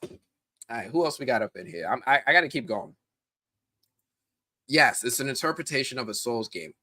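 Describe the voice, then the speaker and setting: This American live streamer has a medium-pitched voice and a moderate pace. He's animated and casual, talking straight to the viewers in his chat and frequently starting over mid-sentence.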